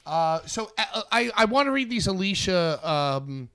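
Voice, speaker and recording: A man hosts a casual podcast in a studio, joking and ribbing his co-hosts. His voice is high for a man and has a bright, forceful edge. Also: very animated, measured pace, smooth. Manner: teasing, mock-scolding. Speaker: podcast host.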